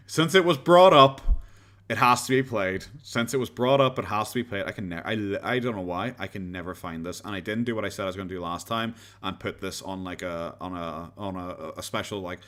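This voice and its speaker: A man's voice: sits low, brisk, a bit bright. A man with an Irish accent hosting a live stream and chatting casually with viewers. He talks in a rambling, blunt way, swears freely, restarts his sentences and laughs often. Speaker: livestream host.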